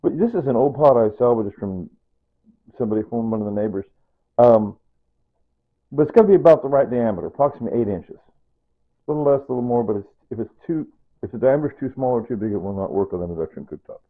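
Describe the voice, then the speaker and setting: A husky-voiced man talks his way through a home cooking video, rambling and circling back as he explains each step in his kitchen. His voice sits at a middle pitch and comes through thin and tinny, as if over a phone line. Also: lively intonation, fast talker. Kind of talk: unscripted cooking video chat.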